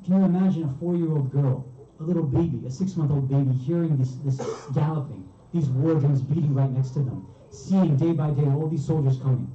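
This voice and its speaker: A man's voice: on the high side, brisk, warm tone. Man telling a story in an echoey hall. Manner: vivid, emotional narration. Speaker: speaker. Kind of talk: sermon storytelling. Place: community religious hall. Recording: roomy, distant, dull hall recording.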